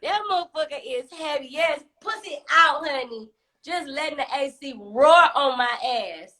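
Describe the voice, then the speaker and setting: A young woman rants through a story into her phone on a live stream, sassy and foul-mouthed. Her voice is high and bright, and she drives home her points by repeating them. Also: moderate pace. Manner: animated, sassy, heavy cursing, emphatic repetition. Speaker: storyteller host.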